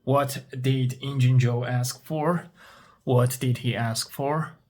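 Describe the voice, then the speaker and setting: Slow, patient male English teacher. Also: mid-range voice, steady tone, a little mellow. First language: Turkish. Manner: patient, repeats each question, asks and answers himself. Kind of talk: story-based English speaking practice.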